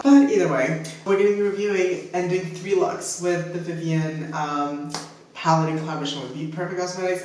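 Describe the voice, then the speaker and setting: A man's voice: fairly high pitch, recorded from a distance, a little hiss or hum. A man chatting casually as a beauty vlogger, talky and self-deprecating, with rambling asides. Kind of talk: casual makeup review chat. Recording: echoey room, off-mic.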